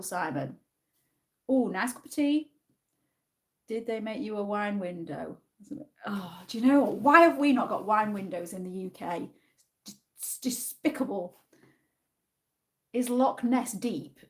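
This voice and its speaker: A woman with a northern English accent hosts a relaxed livestream, chatting freely and reading viewers' comments aloud. She talks in an easygoing, friendly way and answers viewers as if they were in the room with her. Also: mid-range voice. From Yorkshire, England. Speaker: livestream host. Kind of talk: casual livestream chat with a quiz.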